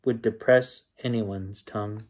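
A man voicing a cheerful, literal-minded woman housekeeper in a storybook read-aloud, with a bright, pitched-up sing-song voice. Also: steady tone, measured pace. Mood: chirpy.

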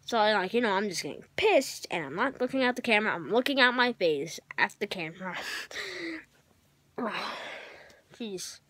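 A woman's voice: medium pitch, lively intonation, moderate pace, fairly bright tone, no room sound. Rambling young vlogger girl in her bedroom. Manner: rambling, self-mocking, trailing off with sighs and whispers. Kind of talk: rambling casual vlog to camera. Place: bedroom, on a bunk bed.

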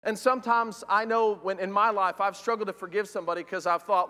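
A man delivers a sermon in a church, his voice high and bright. He builds emphasis with rhetorical questions and animated rises. The sound carries a long reverb from the hall. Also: fast, few pauses. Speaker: preacher. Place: church auditorium.

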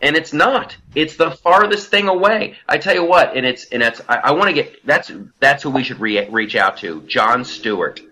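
A man hosts a political podcast and rants in an animated, profane way. His voice is bright and forceful, and his pitch sits in the middle range. He speaks into a studio microphone. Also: moderate pace, few pauses. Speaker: podcast host. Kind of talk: casual political podcast chat.

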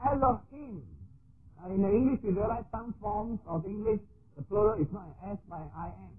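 A man preaching a sermon, teaching slowly and deliberately with repeated examples. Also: sits high. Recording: tinny phone-like archive recording with faint hiss.

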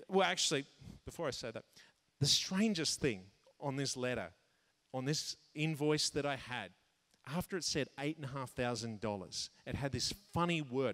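Man, conference speaker, storytelling sermon, animated, laughs at himself, fairly high voice, long hall reverb.

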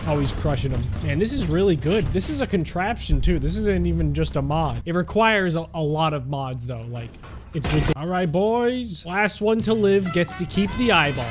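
Young man, gameplay commentary, joking, excitable, upper-range voice, clear background music. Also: on the high side, moderate pace. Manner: animated, jokey, cries out at on-screen action. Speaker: gaming YouTuber.

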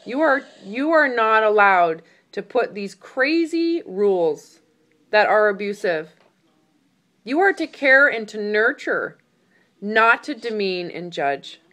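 A woman's voice: medium pitch, big pitch swings, slow. A woman coaching a client over a video call, speaking emphatically and encouragingly. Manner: warm, emphatic, becomes tearful. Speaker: weight-loss coach.

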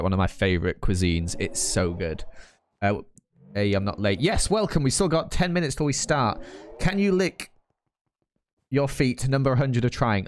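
A man's voice: lowish voice, a little hiss or hum. A man of twenty-nine from northern England, with a northern English accent, chatting casually on a live stream and reading out chat. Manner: chatty, rambling, quick to laugh.

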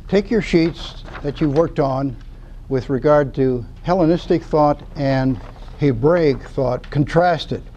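A man's voice: a little high, takes it slowly, warm tone, dull audio. A man giving a church Bible study lecture to a class, teaching in a folksy way with casual asides.

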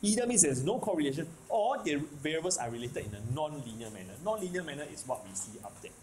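This man, a math teacher with a Singaporean English accent, talks fast in a slightly high voice with big pitch swings. He goes over key points repeatedly and frequently checks in with "okay? can?". Background noise is present.

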